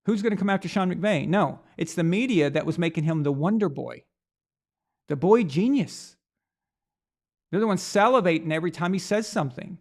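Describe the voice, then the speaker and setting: A sports show host rants about coaching in a blunt, profane way. His voice sits a little high and carries a gravelly fry. He keeps hammering the same point with angry rhetorical questions. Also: lively intonation, normal speed, darkish tone. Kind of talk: opinionated sports commentary rant.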